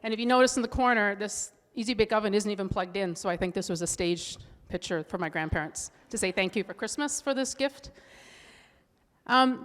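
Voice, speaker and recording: A middle-aged woman speaks as a nutrition coach, telling her own story in a candid, earnest way and often restarting her sentences. Her voice has a typical middle pitch for a woman. A long reverb tail trails after her words, as if she is speaking in a large hall. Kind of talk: personal-story presentation talk.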